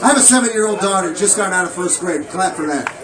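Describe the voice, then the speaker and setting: High-voiced crude male stand-up comic. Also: animated, fast talker, very noisy. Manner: crude, profane, rambling. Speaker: stand-up comedian. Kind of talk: stand-up comedy set. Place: comedy club stage. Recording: roomy, distant mic, loud crowd laughter.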